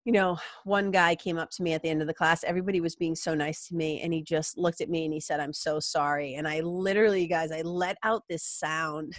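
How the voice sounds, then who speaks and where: A middle-aged woman with a slightly low voice talks in a candid, rambling way. She is heartfelt and emotional and swears casually. The recording is close and dry, with no room echo. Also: steady tone, brisk, few pauses. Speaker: yoga teacher and podcast host. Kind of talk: heartfelt personal monologue.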